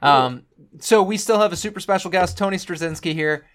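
A man's voice: high-pitched, fairly quick, a bit bright. A man co-hosting a podcast in casual chat, teasing and bantering playfully with his guests. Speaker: podcast co-host.

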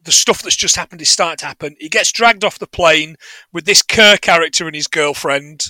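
Podcast co-host, male, high bright voice, dry close sound, sardonic and sweary. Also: brisk, dry recording. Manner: sardonic, sweary, laughs at his own jokes. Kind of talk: casual film recap chat.

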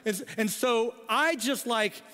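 A man's voice: very high-pitched, takes it slowly, pushed and bright. A middle-aged man, a pastor, telling a funny family story in a sermon, with frequent "okay?" asides. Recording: long hall reverb.

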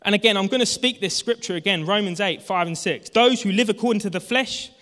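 A man in his thirties preaching a sermon with passion, moving from hushed tones to shouting. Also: high-pitched, fairly quick. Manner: impassioned, swings from hushed to shouting. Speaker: pastor. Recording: long reverb of a large hall.

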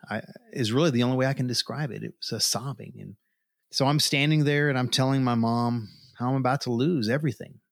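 Gravelly earnest middle-aged man. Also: mid-range voice, no room sound, clean studio sound. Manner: earnest, emotional, repeats words. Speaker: storyteller. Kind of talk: personal testimony.

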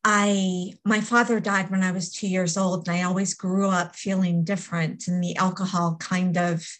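A woman appearing as a guest on a podcast, a speaker and coach who talks in a candid, steady, reflective way. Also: lowish voice, moderate pace. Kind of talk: podcast interview.

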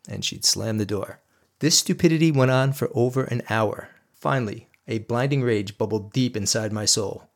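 A man's voice: mid-range voice, moderate pace. A man hosting a podcast, telling a personal story in an earnest, emphatic monologue aimed straight at his listeners. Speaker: podcast host.

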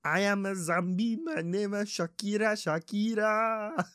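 A man's voice: high-pitched, measured pace, fairly bright tone, clear, resonant tone, no echo, clean studio sound. A man doing a goofy zombie pop singer. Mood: silly. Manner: singsong, repeats a name after every sentence. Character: goofy zombie impression of a female pop star.

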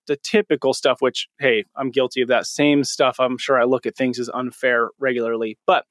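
A podcast host in his forties tells personal stories in a casual, earnest, coaching tone. His medium-pitched voice is captured in a dry, studio-quality recording.

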